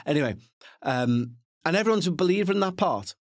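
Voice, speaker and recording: This podcast host speaks at medium pitch and moves fast, recorded dry with studio quality. His talk to listeners is loose and rambling, full of tangents and the occasional curse word.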